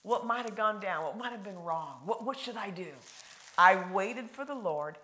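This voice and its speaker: Lady preacher giving a sermon, chatty and folksy, gets loud then drops real quiet. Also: medium pitch, moderate pace. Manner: animated, swings from loud emphasis to hushed; conversational, folksy asides.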